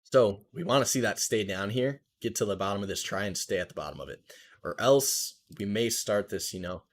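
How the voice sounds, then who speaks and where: A young man hosting a live trading stream, talking casually through charts in a relaxed, jargon-heavy, think-aloud way. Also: fairly low pitch, fairly quick. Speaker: trading livestream host. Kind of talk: casual live market commentary.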